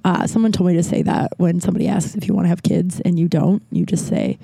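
A woman hosting a casual solo podcast, telling stories in an animated way, laughing often and acting out what other people said. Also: fairly low pitch, fairly quick, gravelly, hardly any pauses, breathy edge, no room sound. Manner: animated, laughing, acts out quoted voices. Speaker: podcast host.

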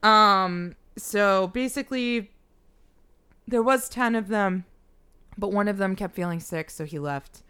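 A woman's voice: medium pitch, slow pace, pushed and bright, smooth. A young woman in casual chat, telling a story with many fillers and frequent laughter. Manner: laughs often, rambling with fillers.

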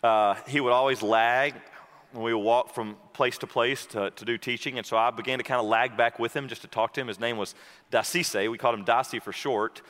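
Pastor preaching in a reverberant hall. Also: male voice, mid-range voice, steady tone, brisk. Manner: storytelling, dropping to a hushed intimate tone for prayer. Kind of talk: sermon.

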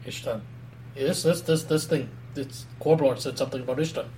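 A man's voice: mid-range voice, fairly quick, a little mellow, recorded from a distance, a little hiss or hum. A man playing a tabletop game, speaking hesitantly and stumbling over his words. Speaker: player.

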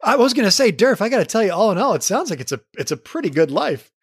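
A man's voice: high-pitched, sing-song, fast, husky, dry recording, clean studio sound. A man hosting a comedy interview, eager and enthusiastic, stumbling over his restarts as he asks questions. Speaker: interview host.

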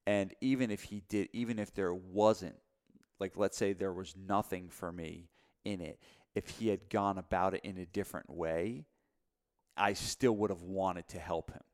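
A man's voice: sits low, fairly even intonation, moderate pace, darkish tone. A man co-hosting a podcast, talking casually about running a gym, rambling and repeating himself with lots of "you know" fillers. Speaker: podcast co-host, gym owner.

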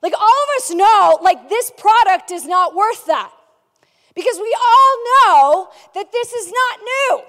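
High-voiced woman pastor preaching. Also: measured pace. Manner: soft and earnest in prayer, lively and joking in teaching. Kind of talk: sermon. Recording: long hall reverb.

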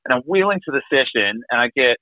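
A man with a mid-pitched voice tells his story to an interviewer in a loose, rambling way, leaning on "like" as he goes. He comes through a narrow, phone-like remote call line that sounds dry and close, with no room around him. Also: expressive, fast talker, dry recording. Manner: rambling, many "like" fillers. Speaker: guest sharing his recovery story.

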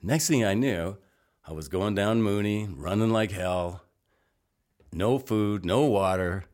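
An older man telling long, rambling stories as an interview guest, animated and salty, with frequent asides. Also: lowish voice, slow. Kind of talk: casual storytelling.

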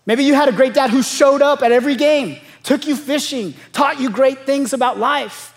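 A man's voice: very high voice, moderate pace, faint music behind. A young adult man from Los Angeles, a pastor preaching a sermon, telling stories and building to emphatic calls to the congregation. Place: large church auditorium. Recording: long hall reverb.

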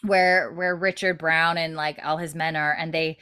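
A woman's voice: low voice, level tone, moderate pace, sharp tone, clean tone. A woman in casual chat, animatedly recapping a TV episode, laughing and swearing as she tells it.

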